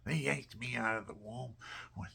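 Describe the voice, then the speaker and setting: A man telling personal stories in a casual, animated way, often dropping to a near whisper. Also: medium pitch, normal speed, gravelly, breathy edge. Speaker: storyteller.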